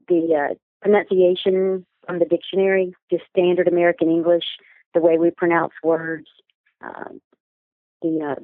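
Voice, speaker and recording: A woman's voice: fairly low pitch, dry recording. Woman coach explaining things carefully, articulate, thin phone-line sound. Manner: articulate, instructive, measured. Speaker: business communication coach, guest. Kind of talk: interview answers.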